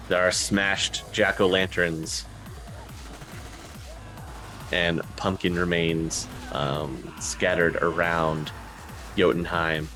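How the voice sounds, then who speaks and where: Slow, low-voiced male game master. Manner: relaxed, unhurried narration with fillers. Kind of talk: narrating a tabletop game.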